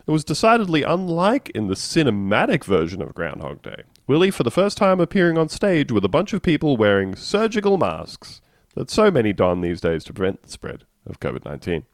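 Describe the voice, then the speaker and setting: Man, podcast co-host, swoops all over in pitch, dry close mic, wry news reading. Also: huge pitch swings, brisk, no room sound. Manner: wry, laughing, reads news stories in a dry voice. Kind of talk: casual comedic chat, reading news aloud.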